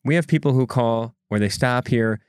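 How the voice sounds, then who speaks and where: A man's voice: mid-range voice, moderate pace, a little mellow, clean tone, no echo, clean studio sound. A man co-hosting a podcast, explaining a local story in a loose conversational way with asides and restarts. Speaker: podcast co-host reporting. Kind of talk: casual podcast chat.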